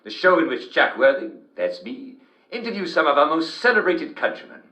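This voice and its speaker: A man's voice: a little high, big pitch swings, brisk, reverberant, lo-fi sound. An actor playing a jovial, smarmy TV talk show host with slick, chuckling showman patter. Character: smarmy, jovial English TV host, middle-aged man. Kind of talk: video game character acting.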